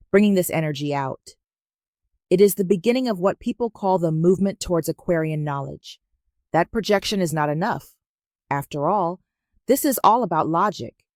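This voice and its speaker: Low-pitched woman giving a measured lecture. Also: darkish tone, no echo, studio quality. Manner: measured and instructive. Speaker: teacher. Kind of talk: spoken lecture.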